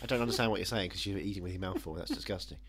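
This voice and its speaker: Sardonic man, bright voice. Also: low-pitched, very fast, slight background noise. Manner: animated, sardonic ranting. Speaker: podcast host. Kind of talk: casual chat.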